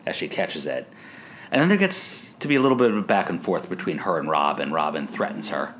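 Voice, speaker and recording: A deep-voiced man recapping a TV episode in relaxed podcast chatter. His pitch swings widely as he laughs and slips into silly voices for quoted lines. A faint hum sits under the recording. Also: fairly quick. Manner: animated, laughing, acts out quotes in funny voices. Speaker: podcast co-host. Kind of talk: casual TV episode recap chat.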